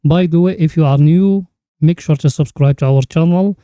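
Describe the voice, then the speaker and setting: A man's voice: a little high, moderate pace, warm tone, smooth, dry recording. A man hosting a market chart analysis, talking the viewer through it in an earnest, instructive way and repeating the same catchphrases. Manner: keeps addressing the listener as friend, repetitive catchphrases. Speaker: crypto chart analyst host.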